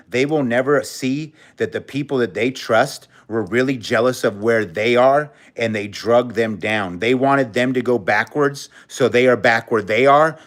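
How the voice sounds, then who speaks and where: A man's voice: mid-range voice, a bit bright. A man hosting a casual livestream, reading out viewer comments and talking bluntly and candidly, cursing freely and speaking with emotion. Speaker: livestream host.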